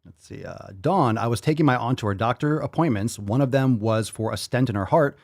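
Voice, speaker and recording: A man's voice: mid-range voice, fairly quick, creaky. A man hosting a live-stream podcast, reading viewer comments aloud in a profane, hyped-up, sarcastic way. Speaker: podcast host.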